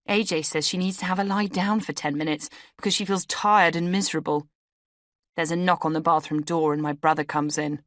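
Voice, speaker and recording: A woman's voice: sits low, a bit bright, dry recording, studio quality. A woman reading her own memoir as an audiobook, telling it in a wry, conversational way. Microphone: studio microphone.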